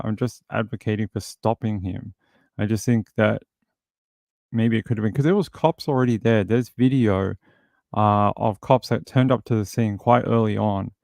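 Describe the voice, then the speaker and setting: A man's voice: lowish voice, vocal fry, darkish tone, no echo. A man hosting a true crime show, commenting casually and wryly on news clips and mimicking the people in them. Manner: rambling, wry, mimics people in silly voices.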